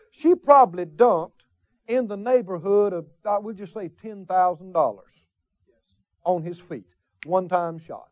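A man's voice: high voice, no room sound. A man preaching a sermon, folksy asides and call-and-response with the congregation. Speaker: pastor. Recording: dull, slightly lo-fi sermon recording.

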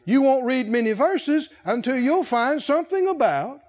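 A man's voice: very high-pitched, very animated, moderate pace, darkish tone. A man preaching a conversational sermon, asking his listeners questions and chuckling between his points. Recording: dull lo-fi sermon recording.

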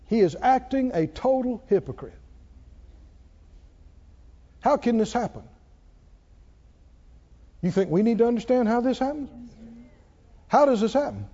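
A man preaching a sermon, swinging between loud, dramatic lines and hushed ones. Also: very high voice, sing-song, measured pace, pauses often. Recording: muffled sound with long hall reverb.

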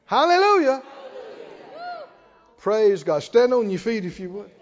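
A man preaching a fervent sermon, moving from hushed tones to shouted repetition as the congregation answers. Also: sits high, sing-song, measured pace. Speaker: pastor. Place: church hall with congregation responding. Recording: dull hall reverb, lo-fi.

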